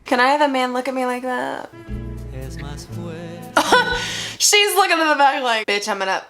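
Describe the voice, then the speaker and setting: A woman's voice: high-pitched, lively intonation, slow, pushed and bright. Tipsy woman, profane movie-reaction chatter. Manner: profane, playful, flirty running commentary. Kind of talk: casual movie reaction commentary. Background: film soundtrack music playing.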